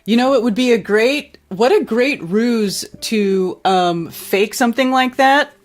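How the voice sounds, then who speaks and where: A woman's voice: on the high side, a little slow. Chatty woman hosting a call-in show. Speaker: host. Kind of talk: casual phone-in talk show.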